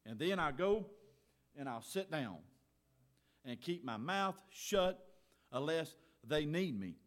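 A middle-aged man preaching a sermon in church, folksy and earnest, swinging from loud exhortation to quiet asides. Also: a little high, expressive, takes it slowly. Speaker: pastor.

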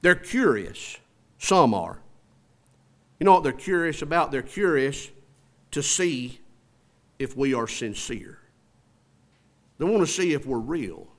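A man with a Southern US accent preaching a sermon, calling for amens and building to loud, slowed-down emphasis before dropping back low and soft. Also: very animated. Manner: call-and-response preaching, asks for amens; swells loud and slows for emphasis, drops low and soft after. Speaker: pastor.

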